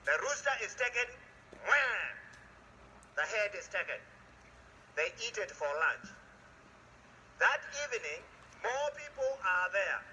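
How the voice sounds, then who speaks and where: A man telling a folk tale slowly and emphatically, with pauses for effect. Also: high voice, a little hiss or hum, rough recording. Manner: slow, emphatic, animated with pauses. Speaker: storyteller.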